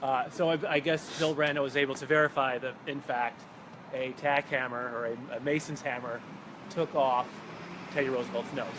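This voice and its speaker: A man guiding a local history tour outdoors, telling a story in a casual, animated way and acting out quotes. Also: mid-range voice, moderate pace. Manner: animated, chatty, acts out quotes. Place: outdoors on a city street. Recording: outdoor street noise with passing cars. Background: traffic and city ambience.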